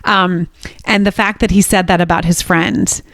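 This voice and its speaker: A middle-aged woman hosts a podcast interview in a lowish voice. She rambles with many restarts and speaks with feeling. The sound is dry and close, with no room in it. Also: steady tone, normal speed, a bit bright, no room sound. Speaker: podcast host. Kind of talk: conversational interview.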